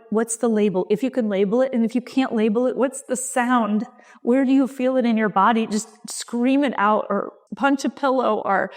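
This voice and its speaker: A middle-aged woman coach hosting a podcast, talking gently and reassuringly in short, unhurried phrases. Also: a little high. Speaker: leadership coach and podcast host. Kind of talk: reflective solo podcast talk.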